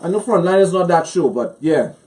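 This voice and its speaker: A man's voice: high voice, lively intonation, a little fast, a little mellow. A man with a Trinidadian accent, a guest on a political talk show, speaking angrily and emphatically and repeating phrases to drive his points home.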